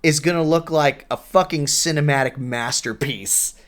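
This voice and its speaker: A man's voice: a little high, moderate pace, fairly bright tone. A man hosting a casual gaming podcast, rambling and joking with lots of fillers. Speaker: podcast host.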